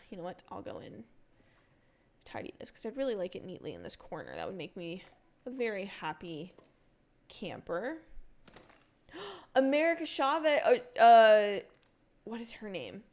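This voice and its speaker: A young woman chats with her viewers while she plays a cozy game, her talk loose and full of fillers. Her pitch jumps around a lot, and she breaks into excited outbursts. She speaks into a desk mic at her home setup. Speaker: game streamer. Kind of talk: casual livestream chat while gaming.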